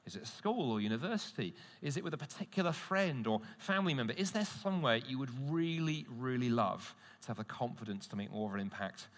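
A man's voice: medium pitch, brisk, few pauses. A man giving a teaching talk to a Christian audience, telling stories and asking rhetorical questions. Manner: lively storytelling with rhetorical questions. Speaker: conference speaker. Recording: long hall reverb.

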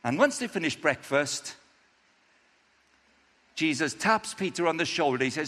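A man preaching a lively, chatty sermon, acting out the characters' lines in different voices. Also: fairly high pitch, measured pace, big-room sound. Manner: animated, acts out quotes in voices, chatty asides.

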